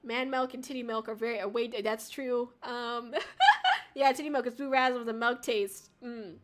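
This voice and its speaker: A young-adult VTuber streamer chats casually with viewers, rambling with lots of fillers and swearing. Her voice is on the high side, with a steady tone and a moderate pace.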